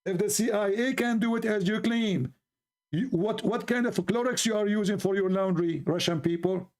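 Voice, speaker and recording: Animated high-voiced man with an Arabic accent. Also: moderate pace. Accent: Middle Eastern Arabic. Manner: animated, mocking, repeats words, laughs at his own points. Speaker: online commentator. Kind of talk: casual opinion talk with storytelling.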